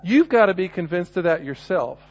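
A man's voice: sits high, lively intonation, moderate pace, darkish tone, a little hiss or hum. A middle-aged man preaching a sermon, earnest and restarting often as he builds to emphatic points. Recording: muffled lo-fi recording.

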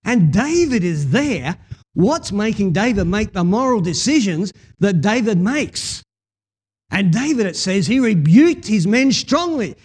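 A man preaching a sermon, telling a Bible story with lively acted-out scenes and talking with the congregation. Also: high voice, measured pace, husky. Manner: animated storytelling, acting out scenes.

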